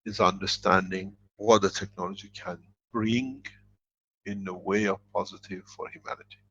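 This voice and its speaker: Middle-aged male lecturer, gravelly and low, halting phrasing, muffled lo-fi call audio. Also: monotone, a bit bright, a little hiss or hum. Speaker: foundation leader answering questions. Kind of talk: lecture with questions and answers.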